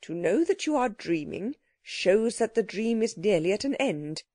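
A woman voicing a learned elderly gentleman who speaks mildly and politely. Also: mid-range voice, animated, moderate pace, no room sound, studio quality, close to an everyday voice. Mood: musing. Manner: mild, polite, musing.

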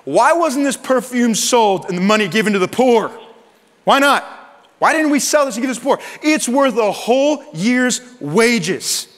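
A man's voice: very high voice, lively intonation, normal speed, long reverb tail, voice pushed up. A man voicing an indignant male disciple who feigns concern and protests in a whiny, pushy way.

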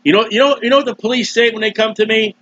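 A man preaching a sermon loudly and emphatically, with mocking asides and sudden swings in his voice. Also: high-pitched, fairly even intonation, racing, dry recording, highs cut off. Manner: mocking asides and short laughs. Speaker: street preacher.

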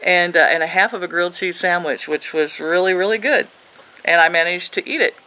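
A woman's voice: lowish voice, fairly quick, pushed and bright, slight background noise, rough recording. An older woman from Missouri, sitting outdoors and chatting to camera as she tells a rambling story with frequent laughs. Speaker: vlogger.

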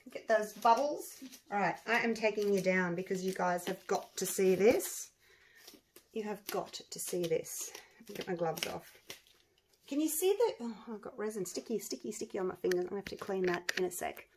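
A woman who runs a resin craft channel, chatting to viewers in an excitable, gushing way while she works. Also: medium pitch, moderate pace, background noise. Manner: excitable, gushing, talks to viewers as you guys. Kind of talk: casual chat while crafting.

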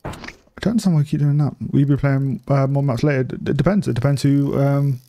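A man's voice: mid-range voice, fairly even intonation, a little fast, dark tone, no room sound. A young man, chatting and swearing casually while streaming a bike game. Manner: chatty, swears freely, laughs often. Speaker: gaming streamer. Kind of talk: casual live-stream commentary.

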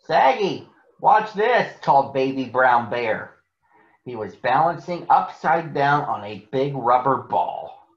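A man reading a picture book aloud to children in a gentle, expressive way. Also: mid-range voice, measured pace. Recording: echoey, muffled room recording.

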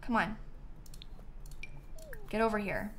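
A woman's voice: medium pitch, slow, a little hiss or hum. Young woman, casual live-stream chatter, headset mic, faint keyboard typing behind. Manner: chatty and animated, laughing and talking to the game.

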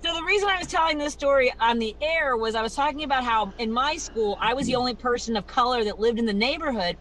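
High-voiced woman telling stories from her car. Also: fast talker, background noise. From Chicago. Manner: animated storyteller acting out quoted voices. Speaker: comedian and radio host. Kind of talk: storytelling stand-up set. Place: parked car. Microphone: video call.

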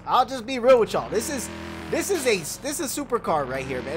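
A man's voice: high-pitched, sing-song, a little fast, music in the background. A young man with kids, giving casual gaming commentary as a video host, hyped and full of slang as he talks to viewers and a friend.

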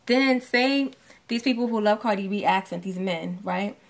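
A woman's voice: mid-range voice, moderate pace. Talkative New woman. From New York. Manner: talkative, explains her points at length and acts out other people's voices. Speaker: podcast co-host. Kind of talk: casual chat.

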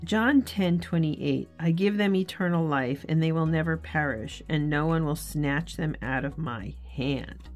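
Woman, low pitch, earnest candid devotional chat, faint music behind. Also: unhurried, few pauses. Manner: earnest, candid, self-correcting. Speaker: faith vlogger. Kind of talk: casual devotional vlog talk.

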